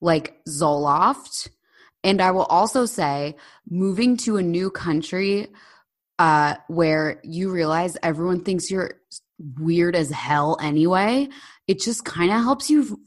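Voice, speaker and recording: A woman co-hosting a casual chat podcast, telling stories in a chatty, animated way and putting on voices when she quotes people. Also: lowish voice, takes it slowly. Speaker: podcast co-host. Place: living abroad in Britain.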